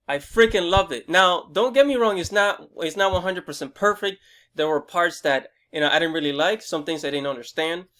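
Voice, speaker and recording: An excitable young man rambles through a casual game review, swearing freely and tripping over fillers and restarts. His voice sits a little higher than most men's. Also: fairly quick. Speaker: gaming video host.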